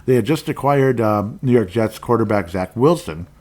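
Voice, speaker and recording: A podcast host from Minnesota, USA, speaks at normal speed in a fairly low, darkish voice with lively intonation. He rambles about sports in a relaxed way, goes off on tangents, and stays blunt.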